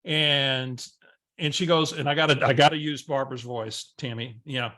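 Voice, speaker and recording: A man's voice: mid-range voice, steady tone, moderate pace, sharp tone. A man co-hosting a coaching webinar, talking conversationally and acting out bits of dialogue as he tells a story. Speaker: real estate coach, co-host.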